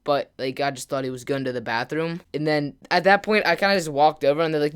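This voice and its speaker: A man's voice: fairly high pitch, clean tone. A man telling a casual storytime to his camera as a gaming vlogger, rambling with lots of "like" and "kinda" fillers. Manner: acts out friends' lines in quick quotes.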